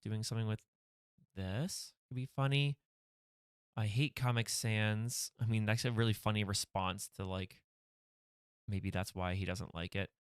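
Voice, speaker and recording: A man hosting a livestream, brainstorming comedy sketch ideas out loud in a hesitant way, with many pauses and fillers. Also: lowish voice, fairly even intonation, clear, resonant tone, no room sound, studio quality.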